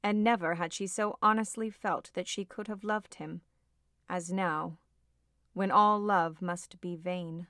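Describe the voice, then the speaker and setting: A woman's voice: on the low side, fairly even intonation, a little slow, a bit bright, no echo. Woman narrating a classic novel, dry close sound. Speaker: audiobook narrator. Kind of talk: scripted audiobook narration.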